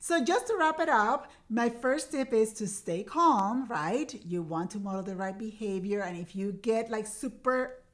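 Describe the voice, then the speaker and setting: A woman's voice: fairly high pitch, lively intonation, unhurried. A woman in her forties, mother of teenagers, hosting a parenting advice show in an earnest, coaching way that repeats its key points. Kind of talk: direct-to-camera parenting advice.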